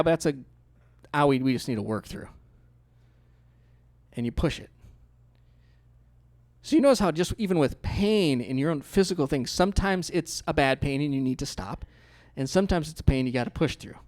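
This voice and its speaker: A man preaching a sermon as pastor, telling stories in a conversational way with quick acted-out quotes. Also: fairly high pitch.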